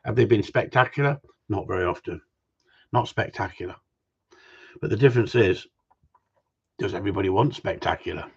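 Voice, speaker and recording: Man, husky low voice, blunt and repetitive trainer chat, lo-fi sound. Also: fairly quick, pauses often. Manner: blunt, opinionated, repeats himself. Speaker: gundog trainer. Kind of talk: casual livestream chat.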